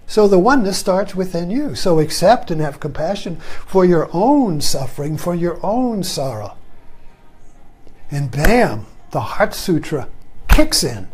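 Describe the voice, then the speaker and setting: A man with a fairly high voice gives a meditative spiritual talk in a loose, conversational way. He rambles and circles back, often ending a thought with a soft, low "you see.". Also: big pitch swings, a little slow, breathy edge. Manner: repeats "you see" softly, drops low at phrase ends. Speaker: spiritual teacher.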